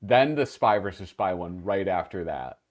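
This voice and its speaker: A man's voice: deep voice, animated, moderate pace. A man with a Minnesota accent, hosting a podcast in casual, laughing banter. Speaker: podcast host. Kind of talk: casual chat.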